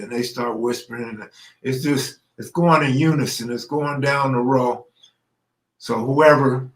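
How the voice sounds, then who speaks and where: Slangy man telling a true story. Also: mid-range voice. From Los Angeles. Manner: slangy, acts out the people he quotes. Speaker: storyteller host. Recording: roomy echo.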